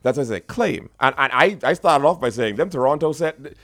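A Bahamian man co-hosting a casual talk show, lively and quick to jump in. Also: fairly high pitch. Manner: animated, quick to interject. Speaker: podcast co-host. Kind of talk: casual chat.

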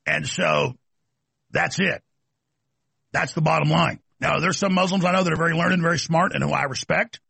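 A man's voice: fairly high pitch, moderate pace, creaky, sharp tone, husky, no echo. A man hosting a talk show, delivering an aggressive, mocking rant. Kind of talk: combative talk show monologue.

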